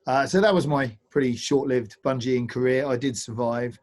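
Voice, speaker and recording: A man from England tells adventure stories over a video call. He is easygoing and self-deprecating, with plenty of "uh"s. His voice sits at a middle pitch for a man. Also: fairly even intonation, normal speed. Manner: easygoing, self-deprecating storyteller with frequent fillers. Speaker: co-host of an online adventure talk. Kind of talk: casual storytelling presentation over a video call.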